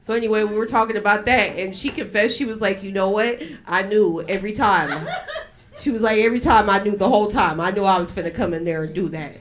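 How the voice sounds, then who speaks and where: A woman in her forties performing a live stand-up set on a small cafe stage, brash and profane, deadpan when the jokes turn dark. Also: medium pitch, quick pace, noisy background. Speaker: stand-up comedian.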